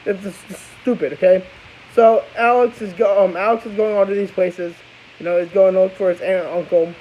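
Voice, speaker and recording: Tired young guy, high voice, rambling vlog review; dull, hissy audio. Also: fairly even intonation, a little fast, a little mellow. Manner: rambling, profane, restarts a lot. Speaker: book and episode reviewer. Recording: dull hissy home recording.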